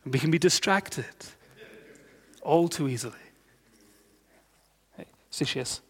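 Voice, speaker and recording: A Scottish man preaching a sermon, telling a funny story with self-mocking humour and lively exasperation. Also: a little high, slow, husky.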